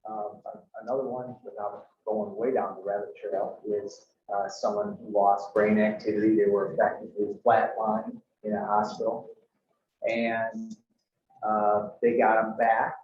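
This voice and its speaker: Low-ish guy, hesitant, stops and starts, echoey room, muffled with a little hiss. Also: flat delivery. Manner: halting, hesitant. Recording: dull, roomy, faint noise.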